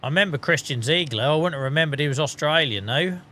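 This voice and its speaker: A man's voice: fairly high pitch, fast, pushed and bright. A man chatting casually on a live stream as he plays a farming game, muttering, joking and swearing. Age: adult.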